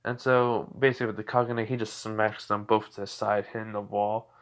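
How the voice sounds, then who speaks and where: A man's voice: fairly low pitch, flat delivery, brisk. A man casually narrating a fan story, rambling with many fillers and restarts.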